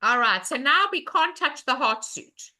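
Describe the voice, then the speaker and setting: A woman's voice: high voice, expressive, a little slow, bright, forceful tone. A woman teaching a live online bridge lesson, walking through a hand in a chatty way and asking the class questions as she goes.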